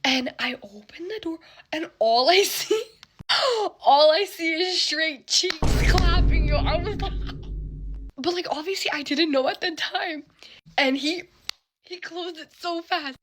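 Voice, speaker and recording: A young woman tells a story in a high voice, speaking in casual chat. She is animated and laughs often, and she fills her sentences with "like." A faint hiss runs underneath. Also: a little slow.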